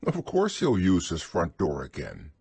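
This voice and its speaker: A man plays a kind, patient boy from a storybook, speaking calmly and fondly, slow and reassuring. His voice stays low and husky, recorded close and dry. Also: dry recording, exaggerated voice. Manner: calm, fond, reassuring.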